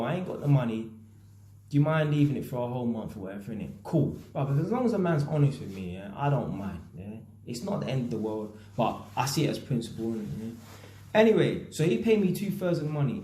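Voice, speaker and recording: A man's voice: mid-range voice, mellow, reverberant. A man with a London accent telling a story in a casual rant, full of slang and swearing, often tagging "yeah?" and "innit". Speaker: vlogger, builder and landlord.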